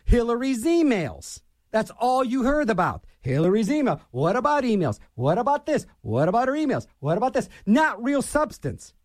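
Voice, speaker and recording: A middle-aged male radio host with an extremely high-pitched voice launches into an opinionated political rant, scornful in tone and repeating phrases for emphasis. The recording is dry and of studio quality.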